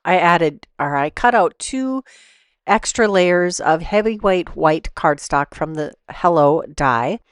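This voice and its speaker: A woman with a fairly low voice talks through a paper craft project step by step, relaxed and unhurried, with the odd "um". The recording is dry and close, with no room sound. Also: no room sound. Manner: relaxed, step-by-step explaining with fillers. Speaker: card-making tutorial host. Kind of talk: voice-over craft tutorial.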